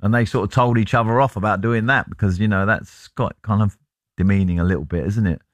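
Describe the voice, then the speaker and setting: Deep-ish man bantering on sports radio. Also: fast, no room sound. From West Country, England. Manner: joking, laughs easily. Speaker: radio sports show co-host. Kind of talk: casual studio banter.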